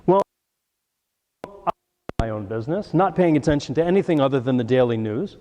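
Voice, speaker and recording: A man with a New York accent, a priest teaching a class, telling a story with lively, acted-out bursts before turning to his lesson. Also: a little fast, a little hiss or hum. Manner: animated storyteller, acts out scenes with sudden high-pitched bursts. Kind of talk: storytelling lecture. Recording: hall reverb.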